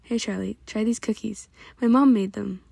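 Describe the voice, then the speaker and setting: A woman's voice: fairly high pitch, steady tone, vocal fry, mellow, dry recording. A woman voicing a moody teenage girl who takes offense easily. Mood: prickly. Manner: touchy, quick to take offense.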